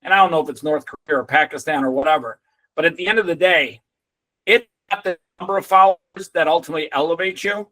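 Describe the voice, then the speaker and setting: A middle-aged man telling an animated story as a podcast guest, swearing freely and acting out other people's lines. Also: on the high side, quick pace, no room sound, rough recording.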